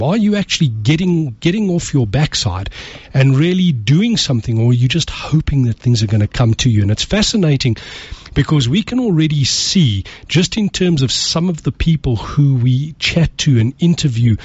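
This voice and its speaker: A man's voice: fairly high pitch, breathy edge, no echo, dull audio. A man co-hosting a radio talk show, earnest and motivational, often repeating words as he presses a point. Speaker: radio co-host.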